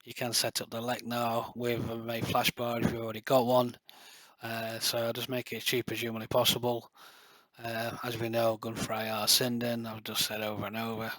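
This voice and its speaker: A man's voice: medium pitch, monotone, normal speed, a bit bright, no echo. A middle-aged man, a light gun builder talking to camera in a passionate, boastful, rambling way full of fillers. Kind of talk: casual rambling talk to camera.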